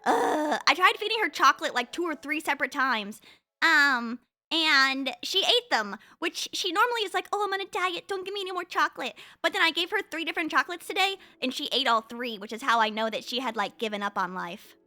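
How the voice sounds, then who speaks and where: A woman's voice: high voice, lively intonation, fairly quick, bright, forceful tone. A young woman VTuber chatting casually with her stream chat, rambling and playful with many fillers.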